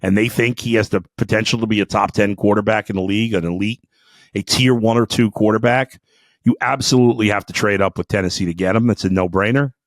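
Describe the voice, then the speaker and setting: A man hosting a sports podcast, ranting angrily and swearing, with outbursts that drop to low muttering. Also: fairly even intonation, fast, no room sound, studio quality. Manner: fiery, profane, swings between shouting and muttering. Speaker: sports talk podcast host. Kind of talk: angry sports rant.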